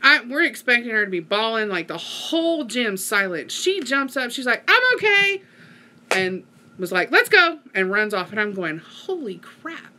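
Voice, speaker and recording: Middle-aged woman vlogger, chatty and rambling, bright tone. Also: mid-range voice, lively intonation, normal speed. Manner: rambling storytelling with many fillers. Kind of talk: casual chat to viewers.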